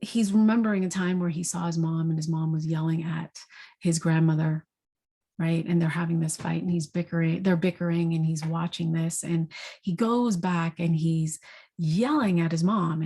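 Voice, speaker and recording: A woman giving a spiritual talk, retelling a movie story in an animated way with many "you know"s and "right?"s. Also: fairly low pitch, husky. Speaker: intuitive energy forecaster.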